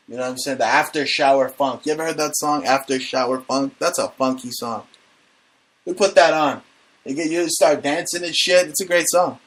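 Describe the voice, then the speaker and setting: A man hosting a casual comedic talk show, brash and profane, joking as he rants. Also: a little high. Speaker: podcast host.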